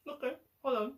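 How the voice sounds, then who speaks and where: A woman teaching a children's lesson in a playful, sing-song way, slicing and eating food as she talks.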